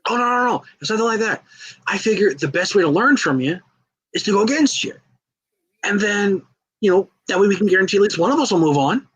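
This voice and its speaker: A man voicing an eager, scheming male wrestler who talks fast and persuasively. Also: high voice, expressive, husky, no echo, highs cut off, voice pushed up. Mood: wheedling.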